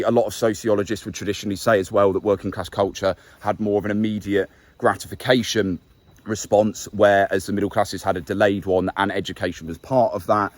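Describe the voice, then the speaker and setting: A young man from England, a YouTube host with a neutral middle-class accent, explains a topic to camera briskly in a lowish voice with little pitch movement. The recording is dry, and his casual delivery includes self-corrections and stressed key words.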